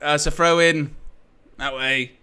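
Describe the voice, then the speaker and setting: A man's voice: a little high, steady tone, unhurried, sharp tone, smooth. A man hosting a fan watchalong of a football match, swearing, laughing and ranting at the referees.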